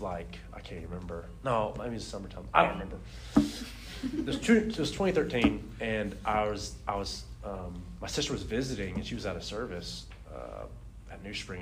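Animated young man telling a faith story. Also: on the low side, noisy background. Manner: animated storyteller, laughs often, lots of "like". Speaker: speaker sharing a testimony. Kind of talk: casual testimony talk.

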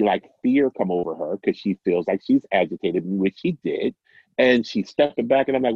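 Deep husky man, middle-aged, casual storytelling, dry slightly muffled sound. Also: normal speed, dry recording. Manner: animated, self-amused, acts out dialogue. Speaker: guest storyteller.

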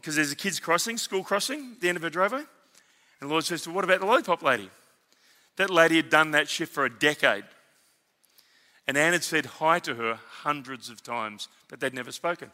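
Aussie pastor preaching, fairly high bright voice, lively storytelling, big reverb hall. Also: male voice, brisk. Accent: Australian. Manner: animated storytelling, emphatic, conversational asides to the congregation. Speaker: senior pastor. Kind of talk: sermon.

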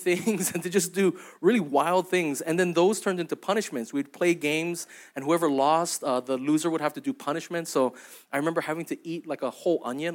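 A young adult man preaching a sermon as pastor, in a conversational, storytelling way that keeps checking in with "right?" and "okay?". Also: on the high side. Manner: acts out quoted voices in anecdotes.

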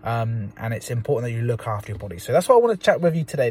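Fast-talking young man podcasting from a car. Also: mid-range voice, mellow, slightly rough. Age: young adult. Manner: rambling, enthusiastic pep talk with many fillers. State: slightly out of breath after football. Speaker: podcast host. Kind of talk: casual solo podcast monologue. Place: inside a parked car.

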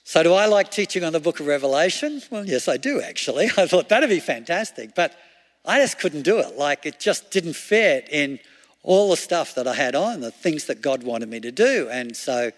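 A man's voice: on the high side, big pitch swings, normal speed. Man preaching in a reverberant hall. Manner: chatty, laughs often, rhetorical questions. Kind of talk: conversational sermon.

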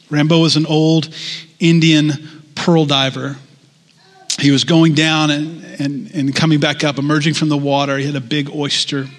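A man's voice: fairly high pitch, fairly bright tone, in a large hall. Man preaching conversationally in a church. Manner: conversational, asks the congregation questions. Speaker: pastor. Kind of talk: sermon.

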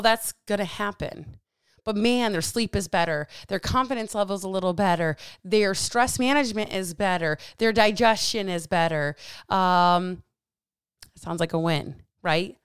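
A woman's voice: mid-range voice, smooth, dry recording, clean studio sound. A woman hosting a solo podcast as a coach, talking bluntly with plenty of swearing and getting heated up. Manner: blunt, profane, fired-up; animated with hands.

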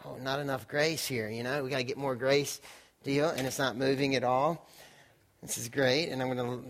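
A man's voice: fairly high pitch, fairly bright tone. A young adult man preaching a conversational sermon, acting out quoted voices and joking at his own expense while demonstrating with props. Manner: conversational, self-deprecating, acts out quotes with props. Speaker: pastor.

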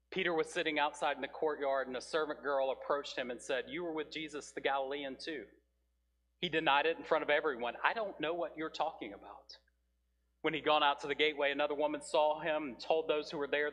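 Man preaching in a reverberant church. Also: fairly high pitch. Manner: earnest, builds volume on scripture then drops soft and slow. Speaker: pastor. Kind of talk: sermon. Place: church sanctuary. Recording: reverberant hall.

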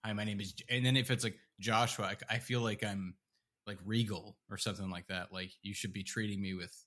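A man's voice: fairly low pitch, little pitch movement, fairly quick, fairly bright tone. A man co-hosting a podcast, rambling in casual chat with lots of fillers, restarts and laughs. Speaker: podcast co-host.

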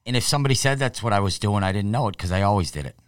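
A man's voice: fairly low pitch, racing, clean tone, no echo, clean studio sound. A man hosting a casual chat, speaking reflectively and trailing off as he thinks.

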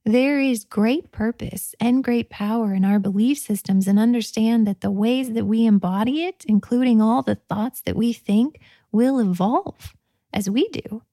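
A woman giving a guided reflective talk, speaking softly and playfully, often dropping to a whisper. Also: on the high side, a little slow, no room sound, clean studio sound. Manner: soft, playful, often drops to a whisper and laughs.

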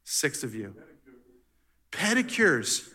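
Bright, playful church speaker man. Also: fairly high pitch, wildly swooping pitch, takes it slowly. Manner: playful, teasing the audience. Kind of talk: Father's Day church talk with crowd banter. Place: church hall.

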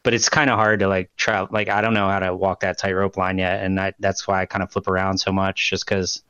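A man's voice: deep voice, flat delivery, fairly quick, fairly bright tone, clear, resonant tone, dry recording, highs cut off. A man co-hosting a casual chat who rambles loosely, swears and laughs often. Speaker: podcast co-host.

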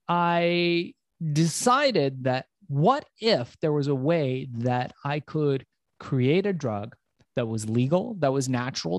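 A middle-aged man, a podcast guest, telling his own story in an animated way, swearing freely and acting out the voices of people he quotes. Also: on the high side, no room sound.

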